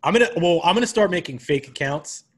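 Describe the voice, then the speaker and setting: A man's voice: on the high side, lively intonation, fast, breathy edge. A man co-hosting a podcast, talking casually with dry humor and hesitant fillers. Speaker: podcast co-host.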